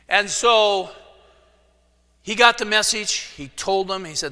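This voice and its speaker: Joking pastor with a bright voice. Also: male voice, high voice, expressive, measured pace, long pauses. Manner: casual storytelling with jokes. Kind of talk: sermon. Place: church sanctuary. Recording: echoey church hall.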